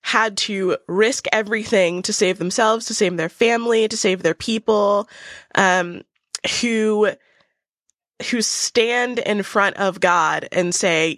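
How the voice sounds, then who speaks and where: A woman's voice: mid-range voice, takes it slowly, fairly bright tone, no room sound, clean studio sound. A woman in casual theological discussion, talking in an earnest, reflective way.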